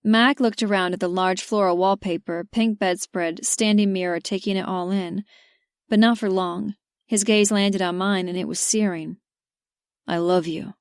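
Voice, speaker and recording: A woman's voice: mid-range voice, fairly even intonation, clear, resonant tone, dry recording, clean studio sound. Woman narrating a romance audiobook. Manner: measured, first-person storytelling. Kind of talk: scripted narration.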